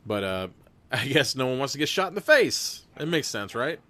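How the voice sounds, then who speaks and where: A man's voice: medium pitch, sing-song, normal speed, bright, forceful tone. A young man hosting a live gamebook session, reading aloud and chatting casually, laughing often and swearing now and then. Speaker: host and narrator of a gamebook played live with chat votes.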